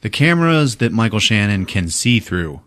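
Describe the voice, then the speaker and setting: A man hosting a podcast, recapping a movie in a casual comic way, animated, laughing and swearing freely. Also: lowish voice, moderate pace. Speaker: podcast host.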